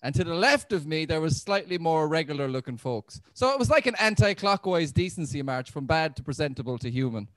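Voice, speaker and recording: A man's voice: fairly high pitch, sing-song, a little fast, hardly any pauses, a bit bright, no echo. An Irish man performing a stand-up set, self-deprecating and loose, often restarting his sentences. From Ireland. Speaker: stand-up comedian.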